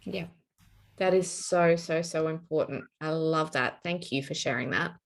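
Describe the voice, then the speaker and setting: Woman interview host, lowish voice, thoughtful and agreeable. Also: measured pace. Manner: affirming, thoughtful, frequent agreeing. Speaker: podcast host. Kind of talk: interview conversation.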